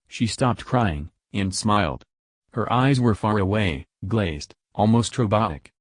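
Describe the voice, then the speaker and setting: A man narrating a story in a calm, measured reading voice. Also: on the low side, dry recording. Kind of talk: scripted narration.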